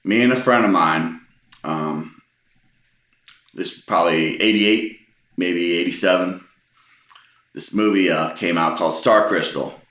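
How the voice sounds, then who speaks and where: Deep-voiced man rambling through an anecdote. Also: a little slow, long pauses. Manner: relaxed, amused, rambling with restarts. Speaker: storyteller. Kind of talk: casual personal anecdote. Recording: roomy echo.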